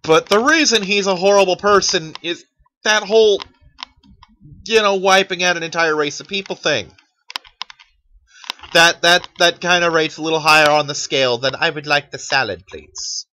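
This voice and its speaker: A man's voice: high-pitched, moderate pace, pauses often, pushed and bright, slight background noise, low-quality recording. A man in his thirties ranting in a profane, sarcastic monologue as a channel host, mocking other people in put-on quotes.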